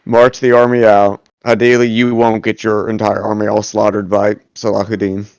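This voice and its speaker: A man with a gravelly, low voice talks in a flat, laid-back way during a casual chat. His pitch barely moves. The sound is dry and close. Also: moderate pace, no room sound.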